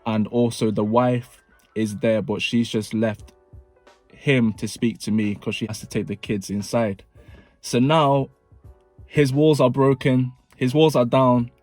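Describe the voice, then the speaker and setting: A man's voice: medium pitch, fairly even intonation, measured pace, darkish tone, soft background music. A man telling a storytime vlog, animatedly acting out the dialogue. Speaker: vlogger. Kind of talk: storytime narration.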